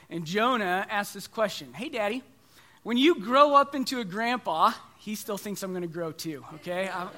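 Guy in his 30s giving a chatty sermon, bright voice, jokes on himself. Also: sits high. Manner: conversational, self-deprecating storytelling. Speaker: preacher.

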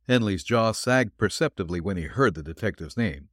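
A man narrating an old detective story aloud in a measured, expressive way. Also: on the low side, no echo, studio quality. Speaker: narrator and reader. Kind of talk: audiobook narration.

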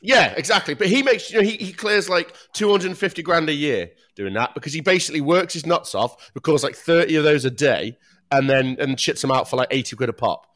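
A man's voice: on the high side, brisk, a bit bright. A man co-hosting a podcast, chatting casually with swearing and banter. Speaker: podcast co-host. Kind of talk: casual chat.

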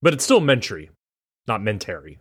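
A man's voice: fairly low pitch, sing-song, brisk, fairly bright tone, slightly rough, dry recording, studio quality. A man co-hosting a podcast, casual and playful, teasing and sounding words out. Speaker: podcast co-host. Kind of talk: casual chat.

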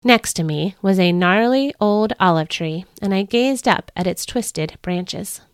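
A woman hosts a family devotional podcast, reading a story aloud in an earnest, expressive way. Her voice sits at a middle pitch. The recording is dry and close, with no room sound. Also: a little slow, smooth, no echo.

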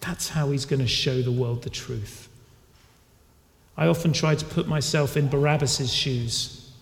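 A man's voice: mid-range voice, steady tone, unhurried, gravelly. A man preaching a sermon in a conversational way, asking his listeners questions. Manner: conversational, asks the audience questions. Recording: echoey hall with long reverb.

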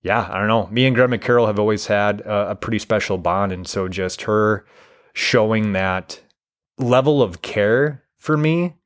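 Reflective man with a low voice. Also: normal speed. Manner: reflective, candid, with frequent restarts. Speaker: guest, therapist. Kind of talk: personal story in a podcast interview.

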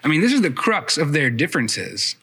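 A man's voice: on the high side, very animated, a little fast, creaky, a bit bright, slightly rough. A man preaching a sermon, retelling the story conversationally with casual asides.

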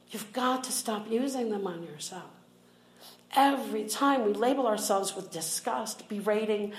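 A woman's voice: medium pitch, darkish tone, reverberant, rough recording. A woman preaching a sermon, reading scripture aloud in an earnest, emphatic way.

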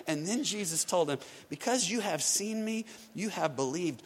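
A man preaching a sermon as pastor, swinging between loud urgent lines and quiet hushed ones. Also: fairly high pitch, normal speed, long reverb tail, slight background noise.

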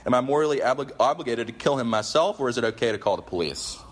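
A man's voice: medium pitch, animated, fast talker, pitched above the performer's own voice, lightly acted. A man reading out a sarcastic, indignant male president who mocks and rants in a raised voice during a sermon. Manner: mocking, raised voice, building tirade.

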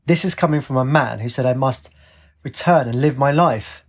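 A man putting on a husky, eager young woman. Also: normal speed. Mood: earnest. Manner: raised pitch, lively delivery. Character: young woman, earnest and impulsive.

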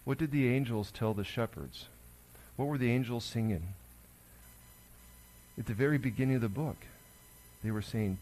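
A man, a pastor giving a conversational sermon that swings between loud emphasis and hushed asides. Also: mid-range voice, moderate pace, long pauses.

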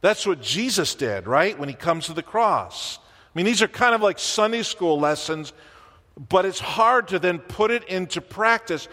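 A man's voice: sits high, sing-song, normal speed, pushed and bright, big-room sound. A man preaching a sermon as pastor in a church, conversational, with wry asides and rhetorical questions.

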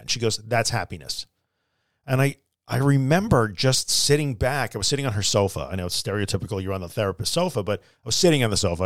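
Man, middle-aged, podcast host, earnest storytelling, average pitch, dry close sound. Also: dry recording. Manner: conversational, earnest, with restarts and quoted dialogue. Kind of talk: personal storytelling monologue.

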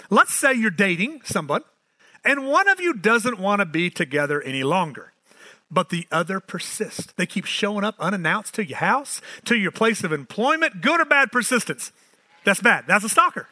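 A man, preaching a sermon as pastor, animated and storytelling with self-mocking asides. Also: high voice, no room sound.

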